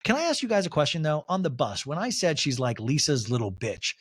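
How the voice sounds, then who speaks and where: A man voicing a blunt, sharp-tongued woman who stirs up trouble. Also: a little high, very animated, brisk, husky, no echo, studio quality. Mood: flippant.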